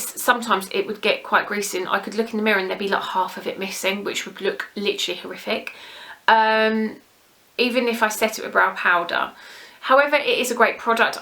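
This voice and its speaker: A young British woman chatting to her camera as a beauty vlogger, rambling and gushing in an easy, friendly flow. Her tone is crisp and sharp, with a middling pitch. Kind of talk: casual chat to camera.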